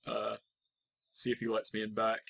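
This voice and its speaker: A man's voice: on the low side, completely flat delivery, normal speed, gravelly, a bit bright, slightly rough. A man playing in a tabletop role-playing game, describing what his character does in a casual, thinking-aloud way. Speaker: player.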